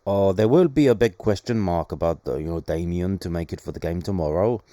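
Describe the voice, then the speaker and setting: A man doing a football manager in a mock Swedish accent, working through the team news in halting phrases padded with "you know". The voice is low and mellow, with a lively swing in pitch. The sound is dry and close. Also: no room sound, natural voice. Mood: matter-of-fact. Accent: Swedish, put on. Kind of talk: reading out a quote in a put-on voice.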